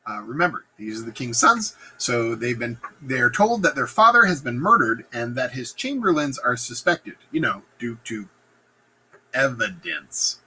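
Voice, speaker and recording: Male teacher, lively and bright, casual slangy retelling, faint room hum. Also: medium pitch, unhurried, poor audio. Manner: animated, slangy, acts out quotes in funny voices. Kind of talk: casual lesson retelling a play.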